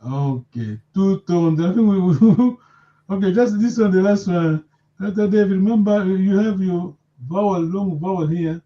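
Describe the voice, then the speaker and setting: A man's voice: high voice, measured pace. A man teaching a live language lesson, patiently correcting his students' pronunciation with repeated prompts. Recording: dull lo-fi audio.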